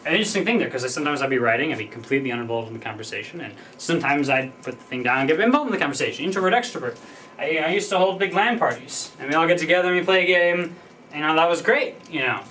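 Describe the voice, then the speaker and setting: A man's voice: on the high side, animated, racing, bright, forceful tone. A young man talking to camera in a casual, rambling personal monologue, full of fillers and restarts as he thinks aloud. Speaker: vlogger. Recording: voice a bit distant from the mic, faint background noise.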